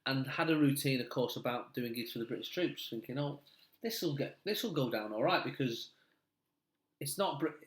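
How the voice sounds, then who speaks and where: A man's voice: mid-range voice, expressive, moderate pace. A middle-aged comedian with a Manchester accent, chatting casually and rambling through self-deprecating anecdotes, laughing as he tells them. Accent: Mancunian. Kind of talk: casual chat. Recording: roomy echo.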